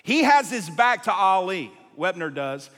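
Male preacher, bright and forceful tone, lively sermon storyteller, heard with the long echo of a big hall. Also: sits high, measured pace. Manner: animated, jumps between tangents, acts out quotes. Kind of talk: sermon storytelling to a live congregation. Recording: long reverb of a large hall.

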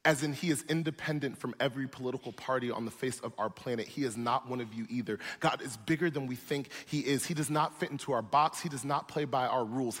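Emphatic pastor in an echoey hall. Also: male voice, a little high, fairly bright tone. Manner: emphatic and repetitive, building in force. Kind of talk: sermon.

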